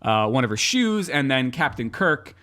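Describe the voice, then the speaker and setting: A man's voice: medium pitch, very animated, normal speed, pushed and bright, a little hiss or hum. A man co-hosting a podcast in casual chat, playful and rambling with lots of restarts, on a table microphone. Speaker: podcast co-host.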